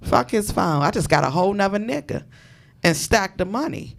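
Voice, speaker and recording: A woman with a Washington, D.C. accent hosting a podcast, telling a story in loud, profane, animated chat with frequent laughter. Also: mid-range voice, moderate pace, gravelly. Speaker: podcast host.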